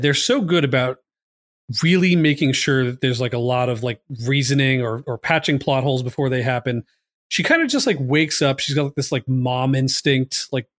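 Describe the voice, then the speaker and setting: A man's voice: medium pitch, a bit bright, no echo. A man hosting a casual movie podcast, rambling with lots of fillers and "like.". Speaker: podcast host.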